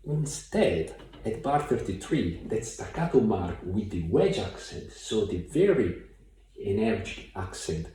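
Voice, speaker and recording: A man giving a piano tutorial in a thoughtful, hesitant way, with many pauses and fillers, recorded from a distance in a room with a piano. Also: fairly low pitch, big pitch swings, warm tone, a little hiss or hum. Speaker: piano teacher. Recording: very echoey room, mic far off. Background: piano playing.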